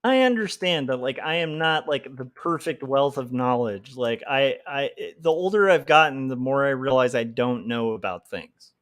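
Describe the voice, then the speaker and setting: A man's voice: mid-range voice, expressive, moderate pace, few pauses, fairly bright tone. A man ranting on a casual livestream, heated and rambling, with many filler words. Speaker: comic artist livestreamer.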